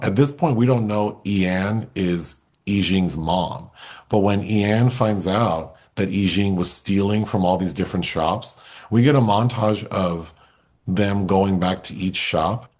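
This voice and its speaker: A man with a very low voice co-hosts a film review podcast. He recounts the plot step by step in an easy, conversational way. His voice sits deep throughout. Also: a little mellow.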